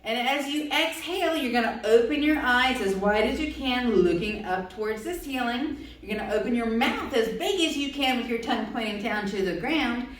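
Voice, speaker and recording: A woman with a high voice leads children through a yoga routine, cheerful and encouraging as she asks how they feel. She stands back from the microphone, and her words ring through a strongly echoing room. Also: animated, moderate pace, few pauses, a little hiss or hum. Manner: cheerful, encouraging, coaxing questions to kids. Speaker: kids' yoga instructor. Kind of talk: guided yoga instruction for children. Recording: very echoey room, far from mic.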